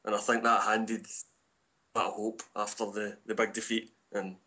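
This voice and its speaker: A man's voice: lowish voice, level tone, sharp tone, lo-fi sound. A man co-hosting a casual podcast chat, quoting figures. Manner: quick, cites stats. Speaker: co-host.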